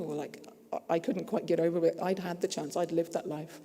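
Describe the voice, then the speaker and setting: A man's voice: fairly high pitch, little pitch movement, fairly quick, mellow, breathy edge. A man with a New Zealand accent, giving an earnest, story-driven conference talk. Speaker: conference speaker. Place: conference hall. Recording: echoey hall.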